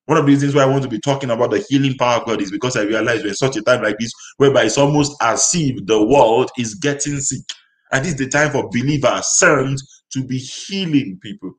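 A man's voice: mid-range voice, poor audio. Male preacher, emphatic and repetitive, mid-range voice. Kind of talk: sermon.

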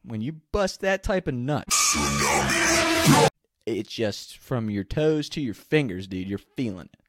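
A man's voice: medium pitch, expressive, measured pace, a little mellow, soft background music. A man telling a candid, profane story in a casual way, often laughing as he goes. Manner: laughs through his own story.

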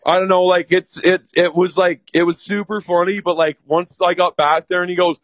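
A man's voice: high-pitched, flat delivery, normal speed, fairly bright tone, no echo, dull audio. Rowdy, profane young man. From Ontario, Canada. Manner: profane, rambling, laughing. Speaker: guest telling a story. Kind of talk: casual storytelling.

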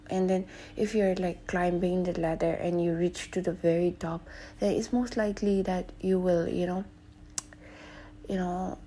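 A young woman hosting a solo podcast, telling stories casually with many fillers and sometimes dropping to a soft whisper. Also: lowish voice, a little hiss or hum. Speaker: podcast host.

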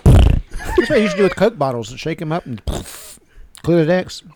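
A man's voice: sits high, very animated, normal speed, background noise. A man co-hosting a casual comedy podcast, teasing the others with bawdy jokes and laughing through his lines. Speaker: podcast co-host.

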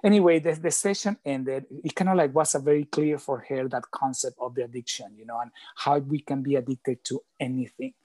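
A man speaking as an interview guest and coach, explaining ideas earnestly with slightly halting phrasing. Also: medium pitch, steady tone, warm tone, dry recording. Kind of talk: conversational interview talk.

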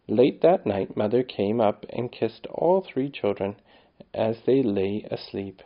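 A man narrating a storybook in a steady, measured reading. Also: lowish voice. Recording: slightly dull lo-fi recording.

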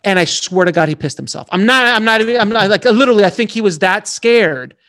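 A man telling animated, slangy stories as an author guest in a casual interview. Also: high-pitched, quick pace.

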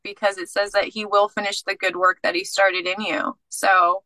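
A woman guest telling her faith testimony in casual, animated storytelling, acting out bits of dialogue. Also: medium pitch, moderate pace, no echo, low-quality recording.

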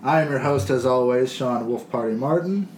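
A man's voice: medium pitch, normal speed, darkish tone. A man hosting a loose comedy podcast, crude and full of swearing as he riffs with friends around him. The room rings with echo, and a faint hiss sits under his voice. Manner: crude, joking, profane. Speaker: podcast host. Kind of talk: casual comedic chat. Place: room shared with several co-hosts.

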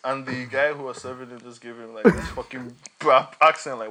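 A man's voice: mid-range voice, big pitch swings, a little slow, crowd noise. A young man co-hosting a casual podcast chat, laughing often and animatedly defending himself. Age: young adult. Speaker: podcast co-host.

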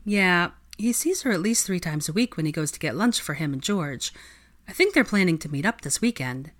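A woman's voice: lowish voice, animated, fairly quick, a bit bright. A woman voicing a nosy, playful young female student who teases her friend. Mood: chatty. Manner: pushy, playful teasing.

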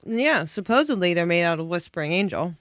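A young adult woman co-hosting a casual chat podcast in a studio, chatty and quick to laugh. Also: fairly low pitch, expressive, dry recording. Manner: giggly, chatty. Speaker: podcast co-host, publicist. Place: recording studio.

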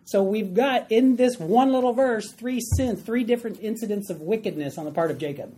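In a room with a board, a woman teaches Bible study, her medium-pitched, slightly rough voice brisk. She keeps things lively and conversational, posing questions to the class.

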